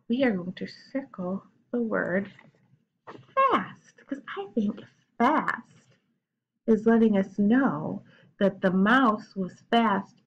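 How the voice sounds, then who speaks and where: A woman's voice: mid-range voice, husky, muffled recording. A young adult woman teacher giving a recorded lesson to children, explaining patiently and step by step.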